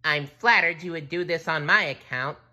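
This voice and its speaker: A man voicing an eager, excitable young sea sponge in a storybook reading, squealing and cheerful. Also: fairly high pitch, moderate pace, voice pushed up.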